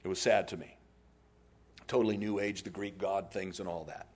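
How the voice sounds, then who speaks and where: A man preaching a sermon as a pastor, telling stories in an animated way and laughing often. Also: low-pitched, moderate pace.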